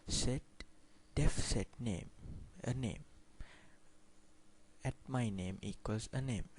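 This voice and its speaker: A man's voice: medium pitch, takes it slowly, darkish tone, a little hiss or hum. A man teaching programming in a screen-recorded tutorial, reading code aloud line by line and plainly explaining what it does. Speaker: programming instructor.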